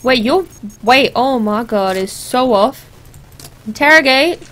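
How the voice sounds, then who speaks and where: A woman's voice: sits high, animated, slow pace, fairly bright tone. A young woman giving rambling, jokey let's play commentary as she plays a game. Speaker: gamer.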